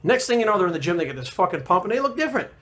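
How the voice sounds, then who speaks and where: A man's voice: sits high, big pitch swings, very fast, bright, forceful tone. A man in his thirties, a fitness trainer ranting to camera in a profane, aggressive, emphatic way. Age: 30s. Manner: aggressive, swearing constantly, emphatic.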